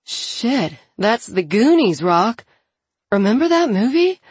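A narrator putting on a keyed-up young woman who swears freely and laughs through her words, her voice lifting high and loud. The tone is husky and the sound is dry and close. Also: moderate pace, dry recording. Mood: excited.

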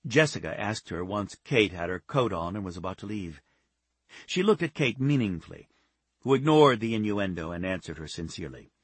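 A man reading a novel aloud as an audiobook narrator, calm and even. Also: lowish voice, moderate pace, husky, no echo. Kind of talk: scripted narration.

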